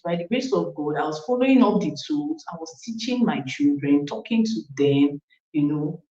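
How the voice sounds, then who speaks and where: Nigerian woman, thirties, animated testimony storyteller; roomy, slightly muffled recording. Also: medium pitch. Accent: Nigerian English. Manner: animated storytelling with acted quotes, frequent asides to the coach. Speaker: parent sharing a testimony. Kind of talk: casual personal testimony.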